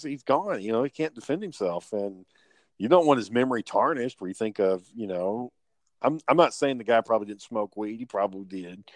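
Rambling man, low dry voice. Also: no echo. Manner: rambling, profane, laughs while telling stories. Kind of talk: casual storytelling chat.

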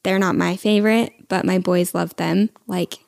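Gravelly-voiced woman podcast host. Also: on the low side, steady tone, moderate pace, darkish tone. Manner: chatty, curious, asks questions. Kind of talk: casual podcast conversation.

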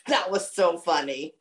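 Female co-host, unhurried and animated; chimes in with brief reactions. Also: lowish voice. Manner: short reactions, laughs along. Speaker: podcast co-host. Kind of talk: casual chat.

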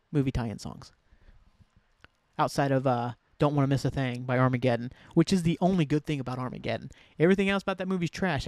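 A fairly high-voiced man talking straight into a close mic in a dry, deadened space. He hosts his podcast alone, rambling and correcting himself mid-thought, full of excitement. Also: no echo. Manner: rambling, enthusiastic, self-correcting. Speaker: podcast host. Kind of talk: casual solo podcast chat.

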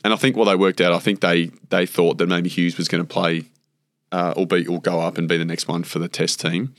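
Aussie bloke with a deep voice, rambling through stories, lots of ums and likes, dry close sound. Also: male voice, little pitch movement, a little fast, no room sound. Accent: Australian. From Australia. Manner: rambling anecdotes with many fillers, acts out quotes. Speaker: guest, former cricketer. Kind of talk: casual storytelling interview.

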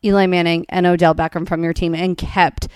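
A woman hosting a podcast, chatting casually and reacting quickly with laughter. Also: on the low side, flat delivery, a little mellow, clear, resonant tone, no echo, studio quality. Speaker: podcast host. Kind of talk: casual chat.

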